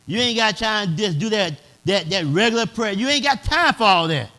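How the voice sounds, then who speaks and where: High, bright-voiced preaching pastor. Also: male voice, big pitch swings, moderate pace. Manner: preaching in a dialect, swelling to shouts. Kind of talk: sermon.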